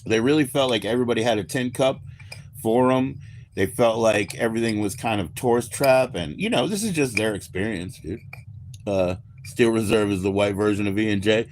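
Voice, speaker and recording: An American man hosts a livestream, chatting casually with viewers in a rambling, laid-back way and swearing freely. His voice sits on the low side at a normal speed, with slight background noise.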